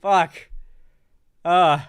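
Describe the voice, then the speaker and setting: A woman's voice: lowish voice, steady tone, extremely slow, clean tone, dry recording. A woman hosting a casual livestream, joking, rambling and swearing freely as she talks to her chat. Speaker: streamer host.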